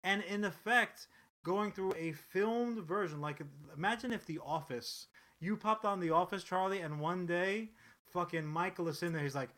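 A man's voice: sits high, normal speed, a bit bright. A man co-hosting a podcast, chatting casually in a rambling, profane style with frequent restarts. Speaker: podcast co-host. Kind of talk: casual chat.

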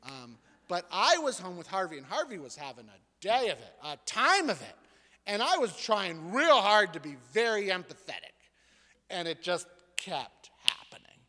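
A man preaching a sermon as a pastor, telling funny personal stories in an animated, joking way. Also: sits high, normal speed, big-room sound.

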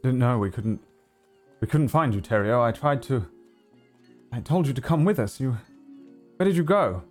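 A man's voice: expressive, normal speed, soft background music, natural voice. A man voicing a panicky human man who runs an orphanage, stammering and flustered in a raised voice. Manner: flustered, stammering, high-pitched. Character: panicky male human orphanage keeper in poncho.

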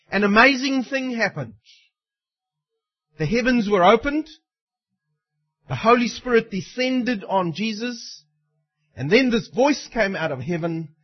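A man's voice: very high voice, dull audio. A man preaching a sermon in an emphatic way, acting out the quoted lines.

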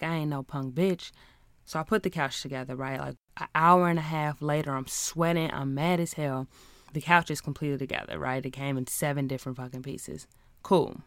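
A woman's voice: sits low, dry recording, studio quality. Profane, ranting woman podcast host. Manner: animated, profane, exasperated ranting. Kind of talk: comedic storytelling monologue.

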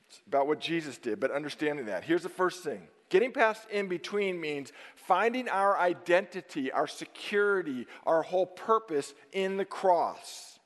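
A man preaching a sermon to his congregation, emphatic and dynamic, swinging from loud stresses down to hushed asides. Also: a little high. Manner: emphatic, dynamic preaching with sudden drops to near-whisper. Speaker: pastor. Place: church sanctuary. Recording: long reverb of a church sanctuary.

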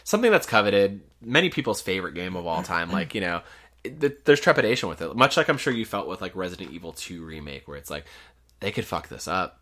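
A man's voice: low-pitched, big pitch swings, fast, fairly bright tone. A man co-hosting a video game podcast, talking animatedly with lots of swearing and "like" fillers. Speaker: podcast co-host. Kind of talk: casual chat.

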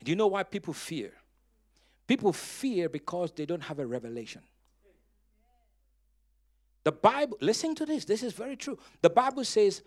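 High, lively-voiced male pastor preaching. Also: unhurried, long pauses. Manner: dramatic preaching, bursts of loud emphasis, calls for audience response; storytelling with humor. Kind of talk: sermon.

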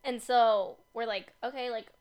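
A woman's voice: a little high, fairly even intonation, unhurried, clean tone. A young woman co-hosting a casual podcast in a basement home studio, playful and teasing. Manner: playful, teasing, laughs often. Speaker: podcast co-host. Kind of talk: casual chat.

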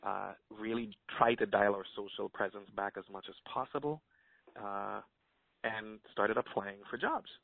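A man as an interview guest, telling stories in an animated way and laughing often. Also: fairly low pitch, measured pace, vocal fry, no room sound. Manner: animated storyteller, laughs often, acts out quotes. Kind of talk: casual interview storytelling. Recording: dry tinny phone-like line.

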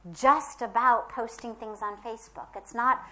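Woman spiritual teacher, earnest and emphatic, slightly high voice, measured pauses. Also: fairly even intonation, pushed and bright. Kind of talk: spiritual talk.

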